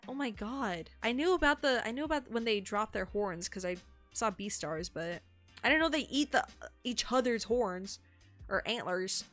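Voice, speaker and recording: A young woman streaming, who reads entries aloud calmly and breaks into shocked, swearing exclamations. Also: a little high, moderate pace, faint music behind. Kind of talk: live-stream reaction and reading aloud.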